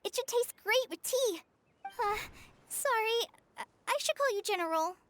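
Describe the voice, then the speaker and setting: Casting: a bubbly young game girl, very high and bouncy, eager. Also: animated, normal speed, slight background noise. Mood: cheerful. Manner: bright, chirpy and eager.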